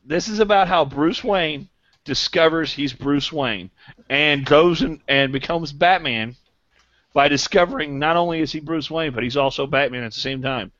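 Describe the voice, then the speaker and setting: A man's voice: a little high, normal speed, dry recording, highs cut off. A man co-hosting a podcast, trading playful, boastful jokes in casual banter. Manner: playful, boastful deadpan bits. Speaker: podcast co-host.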